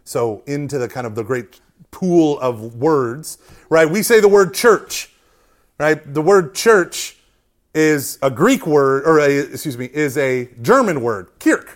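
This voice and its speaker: A man's voice: on the high side, slow pace. A man teaching an informal Catholic Bible class, joking often and checking in with "right?" after his points. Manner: animated, joking, keeps asking "right?". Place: hot meeting room with a live class.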